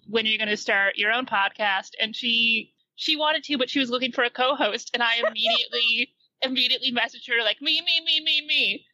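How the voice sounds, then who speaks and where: A woman's voice: fairly high pitch, pushed and bright, no echo, low-quality recording. A woman chatting as a podcast guest, chatty and giggly. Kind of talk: casual podcast chat.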